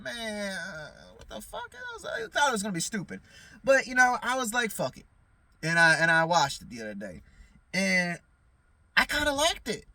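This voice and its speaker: This male vlogger has a high-pitched, bright and forceful tone. He rambles through a loose, profane monologue, repeating "you know what I'm saying," frequently losing the thread, stammering and starting over.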